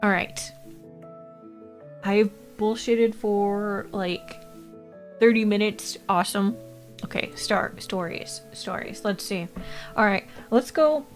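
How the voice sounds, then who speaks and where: Casting note: young adult woman from Canada, streamer voice, blunt and quick to laugh, faint music behind. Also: medium pitch. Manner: blunt, swears freely, laughs often. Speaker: VTuber streamer. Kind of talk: casual stream chat and storytelling.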